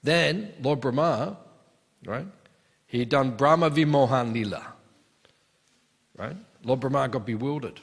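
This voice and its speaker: A man giving a devotional scripture class, telling stories conversationally and acting out the characters' lines. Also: medium pitch. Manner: storytelling with acted asides, conversational. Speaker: class speaker. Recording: long hall reverb.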